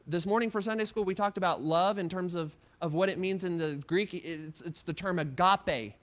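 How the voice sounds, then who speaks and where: A high-pitched man preaching a sermon with a lilt. He drops to near-whispers in one stretch and builds to forceful peaks in the next. He stumbles over words and repeats himself as he goes. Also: moderate pace. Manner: dramatic retelling, swings from hushed to loud; repeats words and restarts often. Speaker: pastor.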